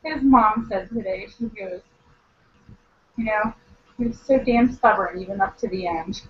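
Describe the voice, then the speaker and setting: A woman speaking in a casual group chat with slow, drawn-out remarks. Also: mid-range voice, lo-fi sound.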